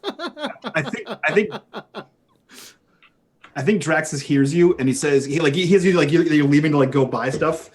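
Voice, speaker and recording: A man playing a tabletop game, describing a scene fast with lots of repeated words. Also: fairly high pitch, a little mellow. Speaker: player.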